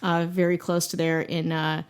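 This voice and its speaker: A woman's voice: lowish voice, level tone, normal speed, clear, resonant tone. A woman from Wisconsin hosting a podcast, telling a story casually with jokey asides and laughter. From Wisconsin, USA. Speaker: podcast host.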